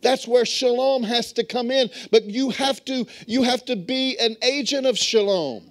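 A very high male voice at normal speed preaches as bishop in a church sanctuary. The storytelling sermon, from a man who moved to Texas as an adult, repeatedly calls for responses from the congregation.

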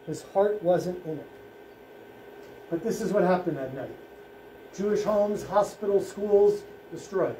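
A man, a rabbi, giving a solemn presentation at a school in short, measured phrases. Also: high voice, lively intonation, dark tone, a little hiss or hum. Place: school room. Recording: echoey room, faint ambience.

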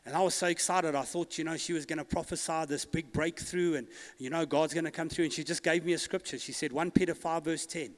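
A man's voice: on the high side, steady tone, fairly quick, hardly any pauses, long reverb tail. A male pastor preaching a sermon with rising emphasis, calling on the congregation to repeat after him. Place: church hall.

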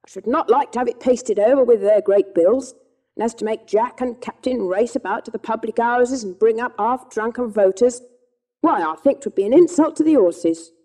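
A woman reading an audiobook voices a kindly, plain-spoken middle-aged cab driver, firm but gentle. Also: a little high, normal speed, natural voice.

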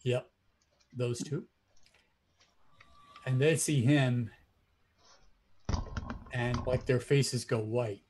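A man narrating as game master of a tabletop game, with hesitant pauses and many fillers. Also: medium pitch, fairly even intonation, background noise. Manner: hesitant, many ums and likes.

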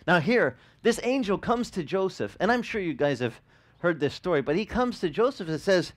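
A man, a pastor, giving a conversational sermon, animated and quizzing the congregation, often repeating words as he restarts. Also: sits high, normal speed. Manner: animated, asks the congregation questions.

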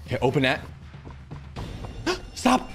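A young man plays a horror game live, panicking and talking to himself. His voice sits high and leaps wildly between yelps and hushed mutters. Faint game music plays behind him. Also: sing-song, moderate pace. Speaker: gaming streamer.

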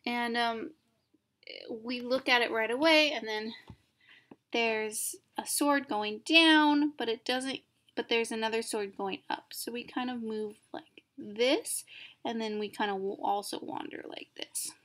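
A young woman with a fairly high, slightly bright voice teaches an art lesson over slides at a measured pace, her intonation fairly even. It's a casual recorded lecture, and she thinks aloud informally, full of ums and self-corrections.

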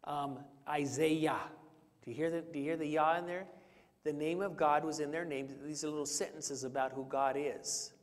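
A man's voice: a little high, flat delivery, brisk. A man preaching a conversational Bible study, teaching with fillers and questions to the congregation. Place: church sanctuary. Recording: church hall reverb.

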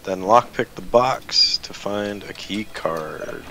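A man's voice: on the low side, takes it slowly, sharp tone. A man casually guiding a friend through a video game in a dry, matter-of-fact way. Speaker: co-host guiding the player. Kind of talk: casual gameplay commentary. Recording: clear background noise.

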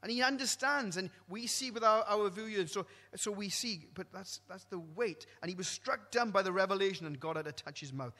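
A man with a fairly high, bright, forceful voice delivers a sermon, jumping from loud, ringing exclamations to hushed, low asides. His voice rings with the long reverb of a church hall. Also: fairly quick, hardly any pauses. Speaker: preacher.

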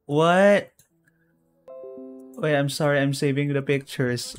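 A gaming YouTuber reacts to a game pull, stunned, blurting short disbelieving exclamations like "oh my god" and "what" over and over. The voice is mid-range and slow with frequent pauses, and faint music plays behind.

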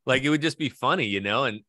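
A man's voice: medium pitch, fairly quick, sharp tone. Man, from Idaho, guest, long-winded storyteller, casual swearing, dry sound, no room echo. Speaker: guest, real estate agent and video creator. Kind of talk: casual interview chat.

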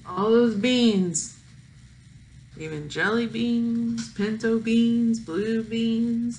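A woman teacher reading a picture book aloud to her pupils, expressive and playful, breaking into song. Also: fairly high pitch, slight background noise. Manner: slow, expressive, sings along with the story. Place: room at home. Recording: roomy echo, faint ambience.

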